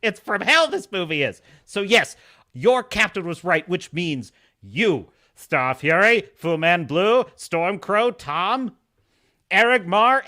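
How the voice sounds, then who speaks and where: A man hosting a live podcast, excitable and gloating, chatting with his viewers over a lot of coffee. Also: fairly high pitch. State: over-caffeinated. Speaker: podcast host.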